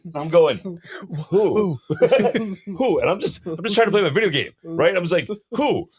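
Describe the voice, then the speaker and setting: A man co-hosting a casual podcast, an animated storyteller who swears a lot and keeps saying bro. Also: fairly high pitch, fast, crowd noise. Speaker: podcast co-host. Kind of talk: casual chat.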